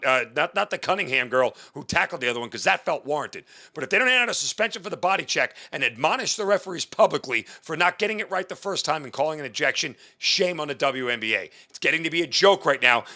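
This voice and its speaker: A man's voice: fairly high pitch, pushed and bright. A man on a sports talk show, ranting emphatically and indignantly about a league's failures.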